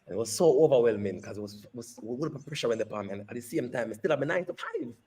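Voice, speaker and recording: A man, a company CEO, telling a personal story in an interview with animated, repeated phrases. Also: mid-range voice, very fast, breathy edge. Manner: animated retelling that repeats phrases and slips into patois.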